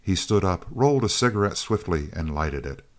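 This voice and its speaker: A man narrating a Western novel as an audiobook, in a steady, measured way. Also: low voice.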